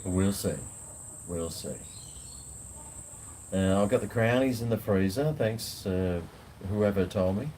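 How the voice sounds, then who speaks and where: Slow, low-voiced Australian man chatting. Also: mellow, a little hiss or hum. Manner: rambling, laid-back, swears casually. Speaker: food vlogger. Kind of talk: casual live chat. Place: outdoors on a home veranda.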